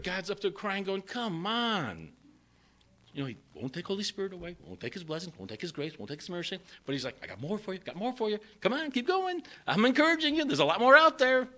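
An older male pastor preaches with a bright, animated voice that swings widely in pitch. He reads scripture and breaks into jokes along the way. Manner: lively, joking preacher reading verses. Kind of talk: sermon.

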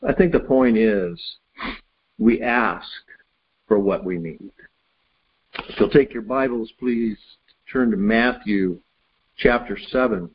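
Slightly husky male preacher. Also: lowish voice, takes it slowly, pauses often, highs cut off. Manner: storytelling, reading scripture aloud. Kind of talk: sermon.

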